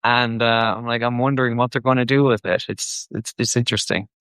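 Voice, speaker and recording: A man hosting a casual show discussion, rambling with many fillers and quick mock quotes. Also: medium pitch, steady tone, a bit bright, smooth, no echo. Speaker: podcast host.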